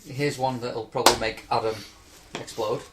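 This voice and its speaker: A man's voice: mid-range voice, fairly even intonation, normal speed, heavy background noise. A man hosting a podcast in casual group chat, reading out questions and rambling with many hesitations.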